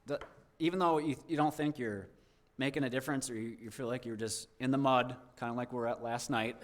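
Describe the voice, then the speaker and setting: A man's voice: medium pitch, fairly even intonation, fairly quick, a little hiss or hum. Heartfelt, rambling man speaking to a church. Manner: rambling and heartfelt, many fillers and restarts. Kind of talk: informal testimony to a congregation.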